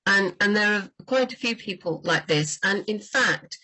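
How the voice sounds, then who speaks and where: A woman book doctor talking in a lively, chatty way on a livestream about writing crime fiction. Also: medium pitch, moderate pace, breathy edge, rough recording.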